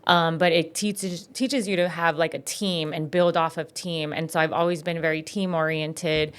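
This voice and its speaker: A woman's voice: deep voice, fairly even intonation, moderate pace, clean tone. A woman from San Antonio, Texas, a business owner talking candidly as a podcast guest, with lots of fillers and restarts. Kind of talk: casual podcast conversation.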